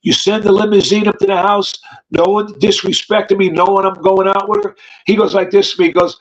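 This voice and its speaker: A man with a New Jersey accent spins a long yarn as a podcast guest, acting out what everyone said. His voice sits high for a man. The audio is dull and lo-fi. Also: little pitch movement, brisk. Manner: rambling, acts out quoted dialogue. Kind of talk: casual storytelling.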